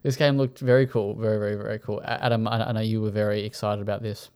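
A man's voice: fairly low pitch, little pitch movement, fast talker, a little mellow, clean tone. A man hosting a casual chat, running through news items with plenty of filler words. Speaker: podcast host.

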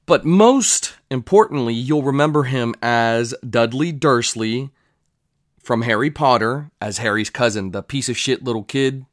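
Brief: young male reviewer, mid pitch, dry close sound, loose rambling delivery, swears. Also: a little slow, no echo. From United States. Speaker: show reviewer. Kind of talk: casual show review.

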